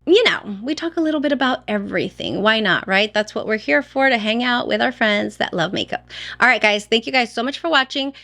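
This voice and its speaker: A woman talking straight to her audience as a beauty vlogger, chatty and enthusiastic. Her pitch sits in the middle range, and she fills her sentences with little "um"s and "like"s. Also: bright, forceful tone. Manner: chatty, enthusiastic, with frequent fillers. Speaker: beauty YouTuber. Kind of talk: casual chat to camera.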